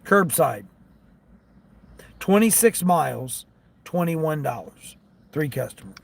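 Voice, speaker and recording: A man who drives for delivery apps, talking casually to his viewers from his car and grumbling as he thinks out loud about the orders he gets. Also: fairly high pitch, expressive, slow pace, creaky, breathy edge. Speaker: gig delivery driver vlogger. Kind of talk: casual talk while driving. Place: inside a car.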